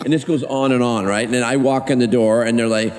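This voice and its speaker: Man, panel guest, rambling storyteller, many restarts, mid pitch, long hall reverb. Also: fairly even intonation, quick pace, a little mellow. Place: large convention hall. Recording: echoey convention hall.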